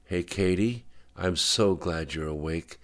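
A man voicing a guarded, gentle husband. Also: low voice, slow, heavily acted. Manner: calm, careful. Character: gentle worried husband, guarded with bad news.

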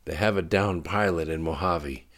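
A man's voice: deep voice, moderate pace, fairly bright tone. A man voicing a stiff, formal naval admiral in an audiobook, speaking in clipped orders. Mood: commanding.

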